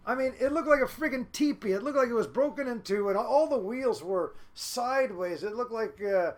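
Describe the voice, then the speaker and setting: High-voiced man telling lively stories. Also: normal speed. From Seattle, United States. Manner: lively, laughing anecdotes with many fillers. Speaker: podcast guest, fishing boat captain. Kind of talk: casual storytelling.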